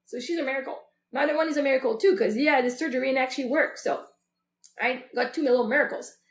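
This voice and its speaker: A woman in her thirties with a high voice talks fast while hosting a show, reflecting candidly on personal matters. Her chatty speech is full of fillers and self-quoted thoughts, and the room gives the recording an echo.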